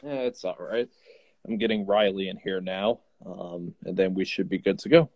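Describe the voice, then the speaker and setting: A man's voice: low-pitched, normal speed, darkish tone, no room sound, rough recording. A man hosting a casual livestream video call, talking hesitantly with many fillers. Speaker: host of a fan livestream. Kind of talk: casual group video chat.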